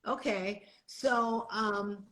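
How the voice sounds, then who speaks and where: A woman's voice: mid-range voice, fairly even intonation, extremely slow, pushed and bright, rough recording. A middle-aged woman co-hosting a live stream in casual chat, laughing often and talking with many fillers and restarts. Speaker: executive director and co-host. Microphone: video call.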